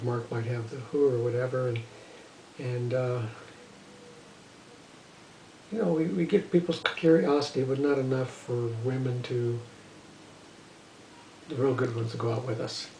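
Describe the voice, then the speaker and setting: An older man telling a long casual story about his life as a musician, rambling and filling pauses with "you know" and "uh". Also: mid-range voice, a little mellow, slight background noise. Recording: roomy echo, voice from a distance.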